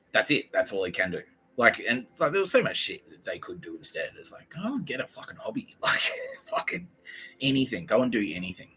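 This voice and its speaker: A man's voice: on the low side, pushed and bright, slight background noise, rough recording. A man hosting a podcast, ranting in a sweary, rambling monologue. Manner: sweary, ranting, quotes people in put-on voices. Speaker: podcast host.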